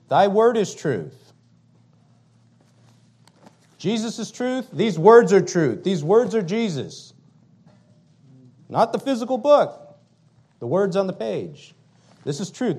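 This is a man preaching with fire: a pastor whose emphatic, repetitive sermon alternates between booming statements and soft, low moments.

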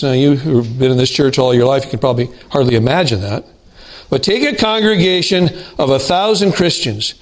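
Male pastor, fairly high voice, deliberate sermon delivery with emphatic pauses.

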